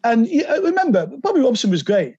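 Husky older man telling stories. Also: very high-pitched, fairly quick, no room sound, muffled recording. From England. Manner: animated storyteller, jumps into quoted voices. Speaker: podcast guest. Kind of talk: anecdotal interview storytelling.

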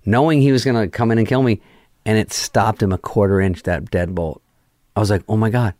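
Speaking a little fast in a lowish voice, the same kind of middle-aged guest comedian tells a profane, casual story from a garage studio. The recording is clean with no room sound, and he animatedly performs each character's quoted lines.

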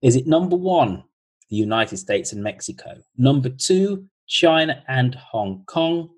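Male podcast host, husky, mid pitch, casual quiz-master on a video call. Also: expressive, poor audio. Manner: chatty, reads questions slowly twice.

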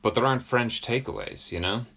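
A man's voice: medium pitch, brisk, a bit bright, slightly rough. A British man in a casual comedic chat, rambling through self-deprecating stories. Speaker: podcast co-host.

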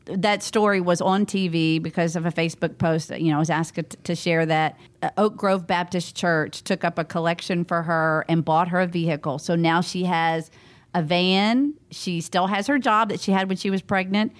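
A woman, a guest in an interview, telling a story in a lively conversational way and acting out what people said. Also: on the low side, moderate pace. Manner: animated, acts out what people said.

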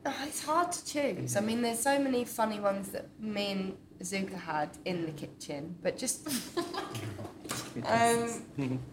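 A woman's voice: medium pitch, lively intonation, a little slow. A woman actor in a casual group chat, candid and often laughing. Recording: roomy restaurant echo, background hum.

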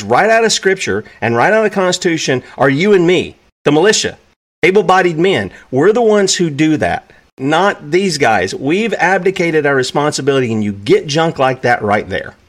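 A man hosting a live show, talking casually and rambling with many fillers. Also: fairly high pitch. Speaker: host. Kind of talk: casual live-stream talk.

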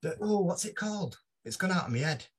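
Animated, husky storyteller. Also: male voice, high voice, fast. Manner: animated storyteller, laughs often, puts on voices. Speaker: podcast guest. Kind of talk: casual anecdote telling.

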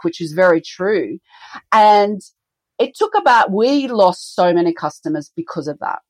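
Woman, middle-aged, animated storyteller, dry sound. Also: lowish voice, a little slow, no echo. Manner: animated storyteller, acts out quoted dialogue. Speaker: business co-founder and guest. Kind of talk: conversational podcast interview.

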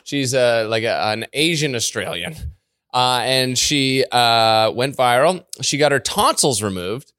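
A man's voice: medium pitch, animated, unhurried, bright, forceful tone, smooth, no echo, studio quality. A man hosting a radio show in loose, chatty conversation, full of fillers like "like" and "uh". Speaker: radio host. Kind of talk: casual talk-show chat.

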